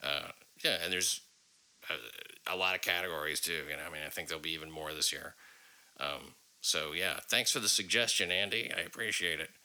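Male podcast host, deep and gravelly, loose and profane. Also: brisk, sharp tone, low-quality recording. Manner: rambling, profane, many fillers. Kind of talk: casual podcast chat.

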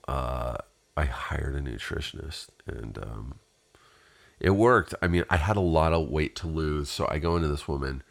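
A man's voice: a bass voice, creaky. A man telling a rambling personal story in a casual, profane way, with many fillers.

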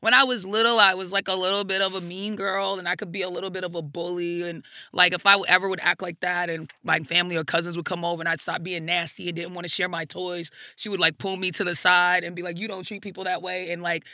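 A woman's voice: fairly low pitch, level tone, fast talker, hardly any pauses, bright, forceful tone, dry recording, clean studio sound. A woman, a guest comedian, speaking frankly and reflectively in an interview, with plenty of "like" and "you know" and casual swearing. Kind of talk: candid personal storytelling in an interview.

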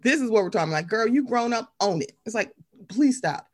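Woman co-host, lively and opinionated, slightly high voice, casual podcast chat. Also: fast talker. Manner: animated, mimics other people's voices in quotes. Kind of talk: casual chat about reality TV.

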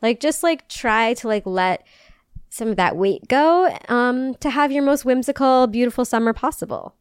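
A woman's voice: on the high side, normal speed, smooth, no echo, studio quality. A young woman co-hosting a podcast, chatting casually, laughing often and saying "like" a lot. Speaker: podcast co-host. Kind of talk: casual chat.

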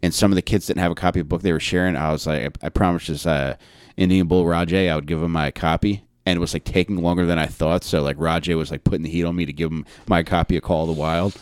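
A man with a very deep voice tells crude stories in a deadpan way on a podcast. The recording is close and dry, with no room sound. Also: fast, clear, resonant tone, no echo. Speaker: podcast co-host. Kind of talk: casual chat.

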